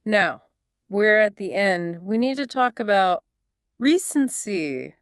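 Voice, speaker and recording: A woman's voice: mid-range voice, lively intonation, slow pace, no echo, clean studio sound. A woman co-hosting a learning podcast, asking questions and repeating key points back in a scripted teaching dialogue. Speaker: podcast co-host.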